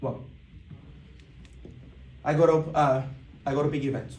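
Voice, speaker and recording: A man telling a story to a live audience at a business event, animated, acting out what people said, with many restarts. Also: fairly high pitch, measured pace. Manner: animated, acts out dialogue, frequent restarts. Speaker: motivational speaker at a business event. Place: large indoor event room. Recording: echoey hall, mic heard from a distance.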